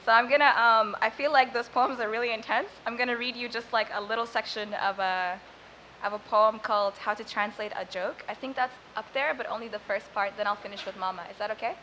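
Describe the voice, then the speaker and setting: Young Sudan-born woman poet, Arabic native, high voice, bright tone, chatty and rhythmic. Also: fairly even intonation, fairly quick, a little hiss or hum, poor audio. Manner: chatty and self-deprecating between poems, rhythmic when reciting. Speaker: spoken word poet. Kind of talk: live spoken word performance.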